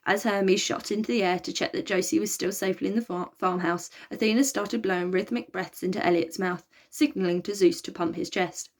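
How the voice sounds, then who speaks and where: A woman reads a children's novel aloud, lively and expressive in her narration. Her voice sits at a middle pitch. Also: a little fast, hardly any pauses. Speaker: storybook reader.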